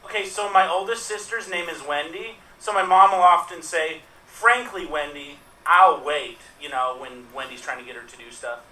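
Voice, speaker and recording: A man's voice: on the high side, a little fast, few pauses, bright, forceful tone. A man improv player with a laid-back, chuckling delivery. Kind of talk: improv comedy on a video call. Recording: echoey room, distant mic.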